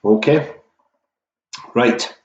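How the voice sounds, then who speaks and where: A man's voice: drawn-out words, a little mellow. A man hosting an online pub quiz in a casual, jokey way, swearing freely as he reads out questions. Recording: roomy, dull lo-fi room sound.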